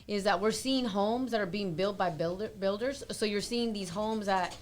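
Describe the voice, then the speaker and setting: A woman's voice: medium pitch, moderate pace, slight background noise. Earnest woman giving her opinion. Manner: earnest, explains her view at length. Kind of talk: casual panel chat.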